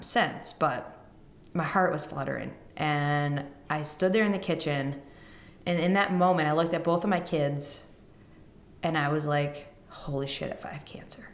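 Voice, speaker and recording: Low-voiced woman telling a personal story. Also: roomy sound. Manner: emotional, quotes others in retelling. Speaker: podcast host.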